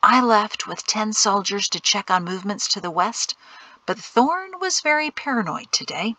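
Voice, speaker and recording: Woman doing a bulky gentle guy in black for an audiobook, talks low and quiet, bright voice, dry close sound. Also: lively intonation, moderate pace, dry recording. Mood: urgent. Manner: quiet, hushed at times.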